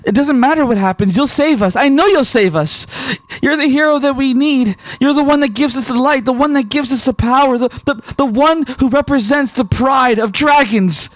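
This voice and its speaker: A man voicing an excitable young female junior reporter who stammers and gushes. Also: extremely high pitch, moderate pace, no room sound, voice pushed up. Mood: pleading. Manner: stammering, gushing.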